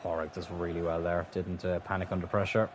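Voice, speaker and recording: A young man commentating his own football video game match as a streamer, swinging from calm remarks to frustrated, swearing outbursts. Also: sits low, fairly quick, background noise. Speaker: gaming streamer. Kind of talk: live gameplay commentary.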